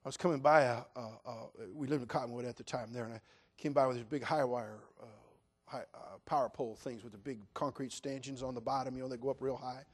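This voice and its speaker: A man preaching a sermon, telling a personal story in an animated way, going from loud outbursts to quiet, prayerful asides. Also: mid-range voice, quick pace, husky. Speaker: pastor.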